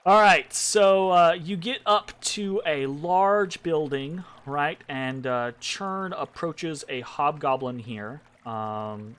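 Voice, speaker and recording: Slow-talking game master man. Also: on the high side, a bit bright. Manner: loose, filler-heavy, checks in with "right?". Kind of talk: narrating a tabletop game. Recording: faint background music.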